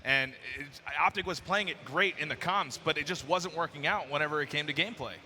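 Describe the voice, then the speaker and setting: A man working as an esports analyst, giving an animated play-by-play recap of the match. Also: on the high side, a little fast, in a large hall, slight background noise. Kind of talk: analysis desk chat.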